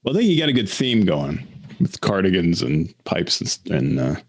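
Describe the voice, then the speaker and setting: A man co-hosting a podcast in casual chat, rambling and halting, laughing often. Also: sits low, sing-song. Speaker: podcast co-host.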